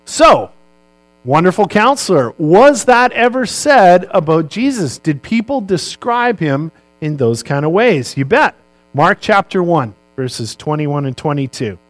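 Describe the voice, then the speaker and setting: Guy preaching a sermon, kinda high voice, chatty, asks questions then answers them, dry sound. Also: sing-song, a little slow, no echo, poor audio. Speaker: pastor.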